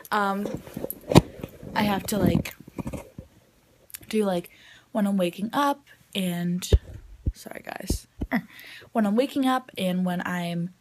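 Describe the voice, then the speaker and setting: A woman's voice: mid-range voice, darkish tone, a little hiss or hum. A young woman vlogging in a chatty, rambling way, full of "like" and "um". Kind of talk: casual vlog chat.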